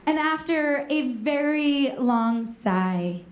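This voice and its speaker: A woman from Northern California telling a comedic personal story on stage, lively and self-mocking, acting out the voices she quotes. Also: high voice, slow pace, roomy sound.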